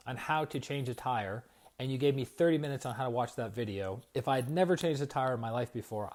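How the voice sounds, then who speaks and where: A man's voice: medium pitch, darkish tone. A middle-aged man, a spiritual coach and energy healer, speaking in a live-streamed motivational talk. He talks in a conversational way and keeps checking in with his listeners by asking "right?". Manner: conversational, repeats "right?" often.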